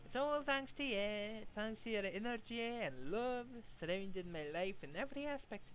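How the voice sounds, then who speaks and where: A streamer voicing a young female cyber idol in a put-on, deliberately bad Scottish accent while reading game dialogue aloud. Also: expressive, fairly bright tone, slight background noise, natural voice, poor audio. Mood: bubbly. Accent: put-on Scottish, done badly. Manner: high, sing-song idol chatter.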